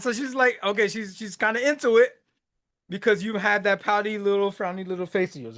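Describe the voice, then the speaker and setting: A man's voice: sits high, normal speed, pushed and bright. A man hosting a podcast, talking loosely about a song's lyrics, with slang, repeats and frequent laughs. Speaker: podcast host. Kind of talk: casual commentary on song lyrics.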